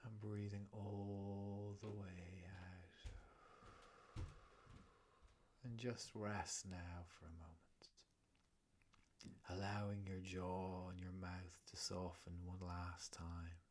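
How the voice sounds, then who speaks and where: Man, low, even voice, unhurried and soothing breathwork guide. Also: slight background noise. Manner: slow, calm, soothing, often whispered.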